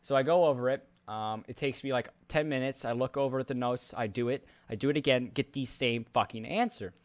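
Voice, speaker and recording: A man's voice: medium pitch, a little fast. Profane, exasperated teen guy ranting. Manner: profane, exasperated, stammering restarts. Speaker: student venting on a vlog. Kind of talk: angry rant.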